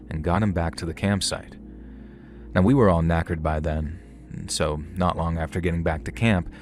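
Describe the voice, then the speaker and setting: Deep-voiced man telling a horror story. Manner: measured first-person storytelling, dry slang. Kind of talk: scripted horror narration.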